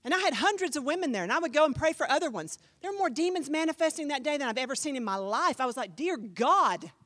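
A woman pastor teaching a class, telling a story in an animated, emphatic, chatty way full of fillers. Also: high-pitched, very fast, dry recording.

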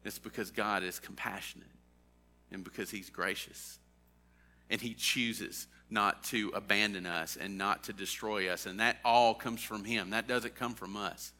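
A man preaching a sermon. He reads scripture aloud and then applies it earnestly, his voice swelling on key phrases and dropping low and quiet for emphasis. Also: steady tone, measured pace. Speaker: pastor.

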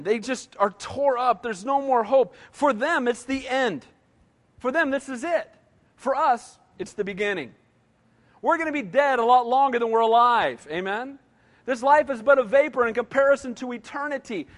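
A man's voice: very high-pitched, fairly bright tone. A man in his sixties preaching a sermon emphatically, often asking the congregation "Amen?". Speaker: pastor. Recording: long reverb of a large hall.

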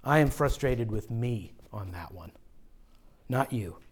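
A young man preaching a sermon as pastor, earnest and direct, often dropping to a quiet hush to drive a point home. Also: lively intonation, takes it slowly. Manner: earnest, drops to a low hush for emphasis.

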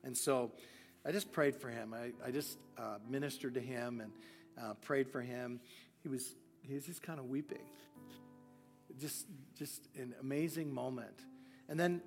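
In a large church hall with long reverb and faint music, a guest preacher gives a sermon woven with personal stories from his ministry. He's earnest and frequently starts his sentences over. His voice is medium-pitched, steady, and unhurried, with vocal fry.

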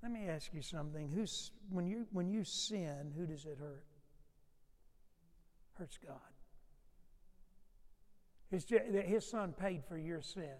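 A male pastor preaching a sermon, moving from loud urgent passages to low hushed asides. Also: slow pace, pauses often. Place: church sanctuary. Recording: long hall reverb.

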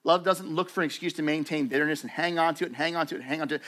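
A man preaching in a church, talking to the congregation like he's chatting with friends and acting out what people say. His voice sits a little high, with a bright, forceful edge. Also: racing, hardly any pauses. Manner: conversational, animated, acts out quoted voices. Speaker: pastor. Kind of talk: sermon.

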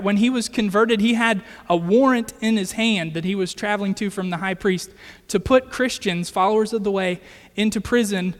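Preaching with a voice that sits high, a man delivers an earnest, conversational sermon, frequently asking "right?" to check in with his listeners. A long reverb tail follows his words.

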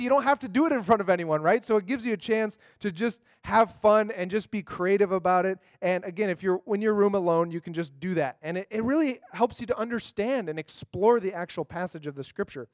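A man's voice: sits high, a little fast, hardly any pauses, no room sound. A man giving a casual, upbeat talk on memorizing scripture, chatty, with many fillers and tag questions.

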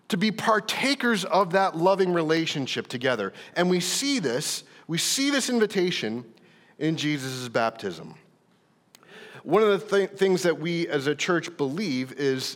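A man's voice: on the high side, lively intonation, unhurried, fairly bright tone. A man preaching a sermon as pastor, earnest, stumbling over repeated words and building to emphatic lines. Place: church hall. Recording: reverberant church hall.

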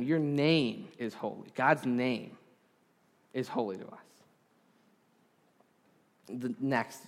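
A man's voice: mid-range voice, slow, long pauses. Earnest male preacher in a reverberant hall. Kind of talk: sermon. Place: congregation hall.

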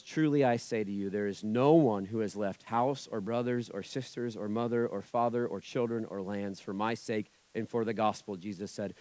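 Man, pastor, sermon, conversational preaching, acts out quoted voices, mid-pitched voice, dry close recording. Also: no echo.

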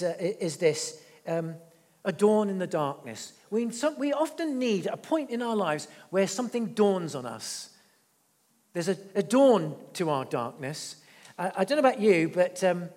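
A man preaching a sermon in a church, conversational, repeating his phrases and dropping quiet for intense moments. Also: high voice, big-room sound. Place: church hall.

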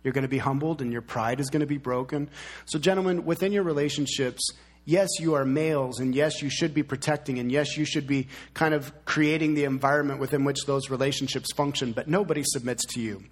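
A man's voice: medium pitch, steady tone, brisk. A man in his thirties preaching a sermon as pastor, emphatic and fond of repeating key words.

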